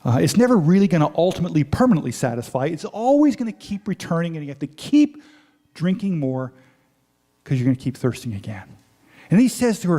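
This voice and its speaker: A high-pitched male pastor preaching a sermon. He retells the scene in quick, casual dialogue with asides to the congregation. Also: big pitch swings, warm tone.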